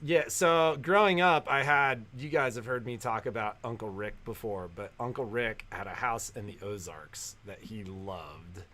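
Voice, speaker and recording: A man's voice: on the low side, normal speed, few pauses, pushed and bright. Wry man co-hosting a livestream. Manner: wry storyteller, dry jokes, laughs at his own stories. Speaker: livestream co-host. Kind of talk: casual livestream chat.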